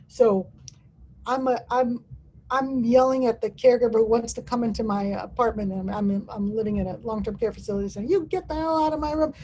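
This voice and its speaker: A woman's voice: on the high side, mellow, a little hiss or hum, poor audio. Woman teaching a dementia care webinar. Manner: role-plays the person with dementia in first person, with many restarts. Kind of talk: webinar presentation.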